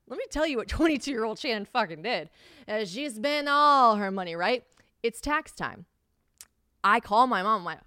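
A woman's voice: a little high, lively intonation, moderate pace, bright, forceful tone, clear, resonant tone, dry recording, clean studio sound. Candid, swearing woman podcast host. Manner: candid, profane, chatty storytelling. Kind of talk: casual solo podcast chat.

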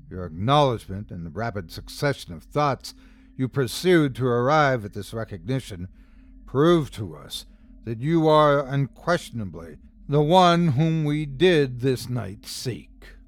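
A stern cult member speaks deliberately in a deep voice, as a male narrator puts him on. His delivery is unhurried and grave. It suits a shadowy figure in a pulp horror tale. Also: animated, no room sound.

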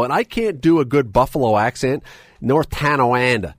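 A man's voice: medium pitch, lively intonation, brisk, dry recording. A Canadian man hosting a radio talk show, chatty and opinionated, full of rambling asides into a studio microphone.

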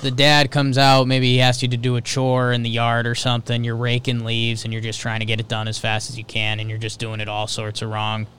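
A man co-hosting a baseball podcast in casual sports talk, excitable and jumping up in pitch to stress a point. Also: a little fast, hardly any pauses, a little hiss or hum. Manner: excitable, jumps into high pitch for emphasis.

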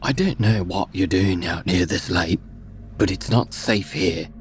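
A man's voice: low voice, measured pace, a little hiss or hum. A man voicing a wary old Scottish woman. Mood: grave warning. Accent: rural Scottish. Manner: quiet, grave warning.

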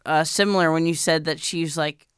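A man's voice: a little high, steady tone, moderate pace, a bit bright, clean tone, dry recording, clean studio sound. A man as a podcast guest, chatting in a laid-back, profane way. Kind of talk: casual chat.

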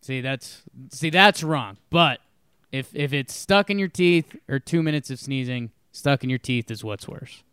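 A man's voice: medium pitch, measured pace, a bit bright, clear, resonant tone, no room sound, studio quality. A man co-hosting a podcast, chatting casually about sports bets in a rambling, joking way with many restarts. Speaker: podcast co-host making betting picks.

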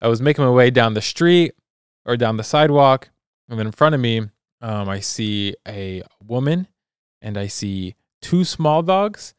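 Animated man telling a story. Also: medium pitch, measured pace, clean tone, dry recording, studio quality. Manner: animated, acts out sounds and quotes. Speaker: podcast co-host. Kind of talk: casual storytelling chat.

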